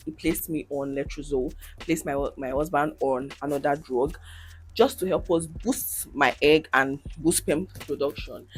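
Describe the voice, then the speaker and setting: A woman in her thirties, a content creator, telling her own story with candid emotion, sighs and laughs. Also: a little hiss or hum. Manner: animated, acts out quoted voices with big pitch jumps. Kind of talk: personal storytelling vlog.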